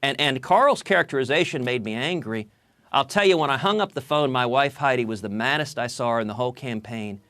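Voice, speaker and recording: Male political guest of middle pitch, recounting a story with animated delivery and stuttered restarts, dry close sound. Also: brisk, no echo. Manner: animated storyteller who repeats words when starting sentences. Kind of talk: storytelling in a TV interview.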